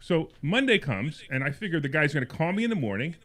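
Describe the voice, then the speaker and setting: A man's voice: a little high, sing-song, fast, a bit bright. A man hosting a radio call-in show, telling a long rambling personal story and getting more heated and indignant as he goes. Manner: rambling anecdote, repeats words and restarts; grows heated and indignant as he tells it. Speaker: radio talk show host.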